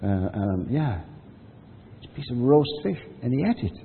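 With a mid-range, expressive voice marked by vocal fry, a preacher moves at normal speed through a sermon, relating the story conversationally and acting out quoted lines. Phone-like audio, long hall reverb and a little hiss or hum color the recording.

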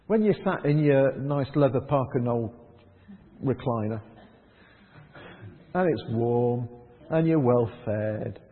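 Male pastor, chatty sermon style, long reverb. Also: fairly high pitch. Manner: conversational, rhetorical questions, acts out quoted voices. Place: church hall. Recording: tinny phone-like sound in a long-echo hall.

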